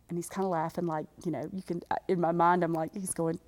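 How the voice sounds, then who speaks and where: A woman telling her personal faith testimony to an audience in an animated, conversational way with self-deprecating humor. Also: low voice, quick pace, hardly any pauses. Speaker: speaker giving a personal testimony. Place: standing before a live audience.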